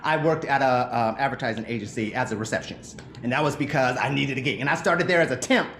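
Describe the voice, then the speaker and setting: A man's voice: medium pitch, quick pace, a bit bright, reverberant, slight background noise. A middle-aged male actor speaking earnestly and with emotion in an interview over a video call, often restarting his sentences. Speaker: actor, guest. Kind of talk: reflective interview talk. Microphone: remote video call.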